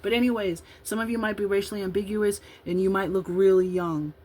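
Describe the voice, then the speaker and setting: A woman's voice: medium pitch, steady tone, brisk, darkish tone, slight background noise, poor audio. A woman in her fifties from Illinois giving a casual tarot reading, chatting and rambling in asides between the cards she reads aloud. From Illinois, USA. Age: 50s. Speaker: tarot card reader.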